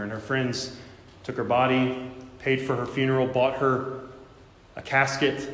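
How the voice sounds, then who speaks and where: Man, preacher, sermon, mid-pitched voice, hushed to forceful delivery, roomy echo, long reverb. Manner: preaching with rising intensity, swinging from hushed to loud. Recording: echoey hall with long reverb.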